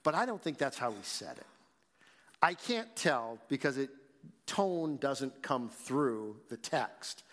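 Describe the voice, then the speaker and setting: Guy preaching, reads the bible passage slow then chats it through, big echoey hall. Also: mid-range voice, very animated, a bit bright. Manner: reads scripture slowly, then explains it conversationally. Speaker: pastor. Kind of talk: sermon. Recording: long reverb in a large hall.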